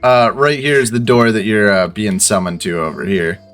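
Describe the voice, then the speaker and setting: A man's voice: lowish voice, expressive, normal speed, fairly bright tone, faint music behind. A man narrating as game master in a casual, laid-back way, with frequent swearing.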